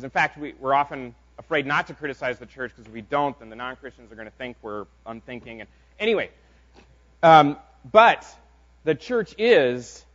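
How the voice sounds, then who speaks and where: A man preaching a conversational sermon as pastor, in an informal, halting way with frequent restarts. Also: fairly high pitch, a bit bright. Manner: informal, halting delivery with many fillers and restarts. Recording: dull lo-fi sound.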